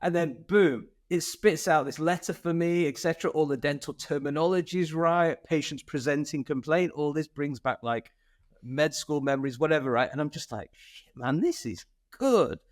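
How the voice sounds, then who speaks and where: A man co-hosting a podcast, chatting casually and telling a story with lots of fillers and rising excitement. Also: on the high side, moderate pace. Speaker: podcast co-host. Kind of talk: casual chat.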